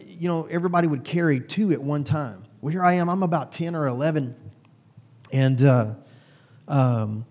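A man telling a personal story to an audience in a folksy, animated way. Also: fairly high pitch. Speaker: speaker.

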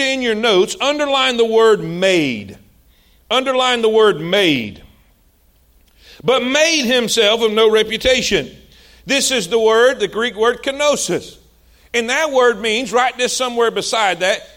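A man preaching a sermon in a call-and-response style, asking the congregation to say amen and building up to shouts. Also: sits high, expressive, measured pace. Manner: drawling folksy asides. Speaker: pastor.

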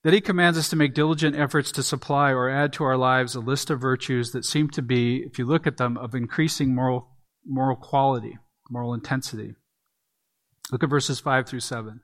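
A man's voice: mid-range voice, steady tone, fairly quick. A man preaching an earnest expository sermon, leaning on emphatic repeats. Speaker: pastor.

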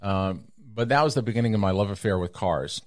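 Middle-aged Texan man, low voice, dry close mic, animated storyteller who acts out other people's lines. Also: a little fast, dry recording. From Texas. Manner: animated, acts out quoted voices with big pitch jumps. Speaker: guest storyteller. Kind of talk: casual storytelling interview.

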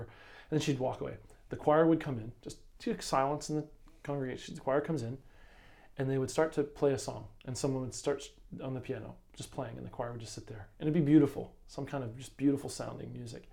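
A man's voice: medium pitch, fairly even intonation, quick pace, creaky, warm tone. A man co-hosting a Bible lesson commentary, telling a story with enthusiasm and frequent restarts in casual religious discussion.

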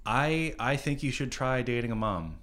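A man's voice: mid-range voice, lively intonation, moderate pace, a bit bright. A man co-hosting a podcast in casual chat, wry and questioning, often laughing. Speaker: podcast co-host.

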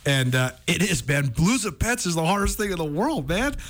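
A man hosting a sports radio show, talking in an energetic, chatty way. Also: a little high, normal speed. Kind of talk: casual sports talk. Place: radio studio.

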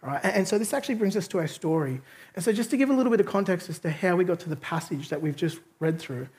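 High-voiced pastor, animated storyteller. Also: male voice, fast talker. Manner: animated, chatty storytelling with laughs. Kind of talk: storytelling sermon.

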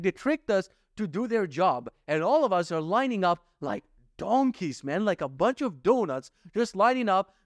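A man's voice: high-pitched, no room sound, studio quality. A young man ranting casually in a daily vlog, swearing often and getting worked up with exasperation. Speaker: vlogger.

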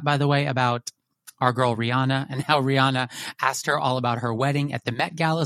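A man's voice: a little high, fairly bright tone, dry recording, clean studio sound. A man hosting a podcast in an upbeat, chatty way. His talk is eager and gushing. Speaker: podcast host. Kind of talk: podcast interview.

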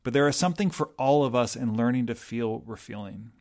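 A pastor delivering a reflective, gentle sermon, pausing often and restarting his sentences. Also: mid-range voice.

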